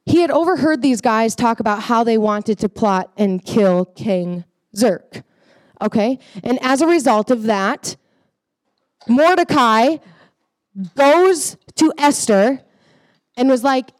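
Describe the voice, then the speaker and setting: A woman teaching children a Bible story in a casual, animated way, often checking in with her listeners. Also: fairly high pitch, slow, dry recording, clean studio sound. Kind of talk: animated storytelling lesson for kids.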